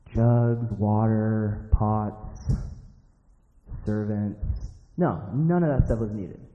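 A young man giving a sermon in a casual, emphatic, conversational way, full of "like" and vivid asides. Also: mid-range voice. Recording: dull sound in a reverberant hall.

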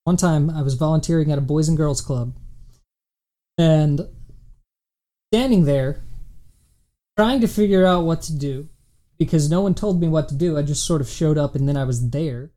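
Mellow-voiced man telling stories. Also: on the high side, normal speed, long pauses. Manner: storytelling, puts on voices for quotes. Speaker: podcast co-host. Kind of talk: casual chat.

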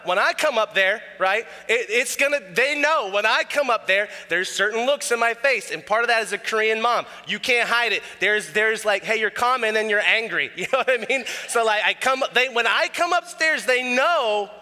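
A middle-aged male pastor with a high, very bright and forceful voice delivers a sermon from the pulpit. He tells self-mocking stories in an animated way and acts out quotes. Long reverb from the sanctuary trails his words.

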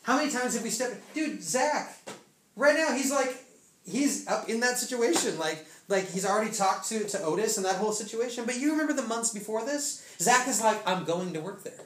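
A man preaching a testimony sermon to a congregation, telling the story in casual, slangy speech with bursts of excitement. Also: very high-pitched, moderate pace. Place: church room. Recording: echoey room, faint noise.

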